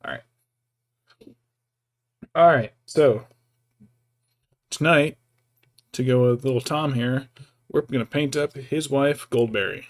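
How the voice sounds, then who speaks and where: A man's voice: medium pitch, slow pace, long pauses. A young man chatting casually on a live stream while painting miniatures, rambling and interrupting himself with jokes. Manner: rambling, self-interrupting, jokey; baby-talk to his pet between asides.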